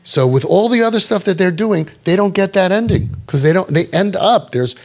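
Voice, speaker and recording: A man in a parenting talk to a live audience, telling a story with animated delivery, rhetorical questions to the room, and frequent repeated words and restarts. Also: sits high, normal speed. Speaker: parenting coach.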